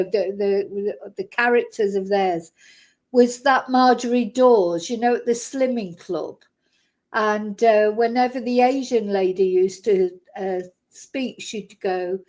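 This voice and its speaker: A woman with a fairly high voice talks her viewers through clips in a loose, chatty way. She is blunt and indignant, trips over her words and restarts often. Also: a little mellow. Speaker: commentary vlogger. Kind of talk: casual reaction commentary.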